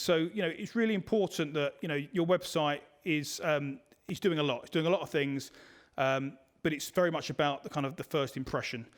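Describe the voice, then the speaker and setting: A man presenting a digital marketing webinar in a conversational way, full of fillers and restarts. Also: fairly high pitch. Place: online webinar.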